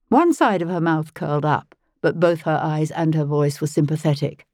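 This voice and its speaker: A woman narrating a first-person audiobook in a calm, measured storytelling manner, close to the mic. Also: deep voice, no room sound.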